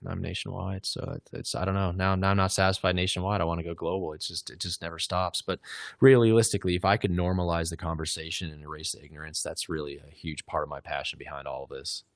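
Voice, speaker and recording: A man's voice: low-pitched, little pitch movement, fast talker, creaky, dry recording, studio quality. A man speaking as a podcast guest in casual conversation, blunt and driven, with frequent restarts. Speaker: podcast guest, media business owner.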